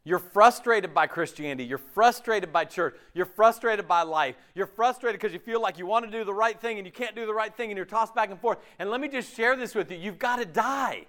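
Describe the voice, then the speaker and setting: A man preaching a sermon in a conversational, animated way, often acting out imagined voices. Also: high-pitched, a little fast, hardly any pauses.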